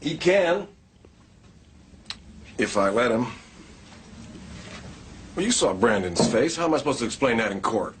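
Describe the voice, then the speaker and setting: Dave, a pushy, leering police chief. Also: male voice, mid-range voice, big pitch swings, measured pace, long pauses, slight background noise. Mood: gruff. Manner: leering, dismissive, swings from chuckling to gruff. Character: pushy middle-aged male police chief, boozy and domineering. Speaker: police boss. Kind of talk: TV movie acting. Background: film score music.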